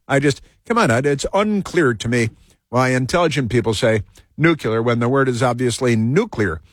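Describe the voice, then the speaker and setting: A man's voice: medium pitch, expressive, normal speed, no echo, clean studio sound. A man hosting a talk show, delivering a rambling monologue full of fillers and restarts.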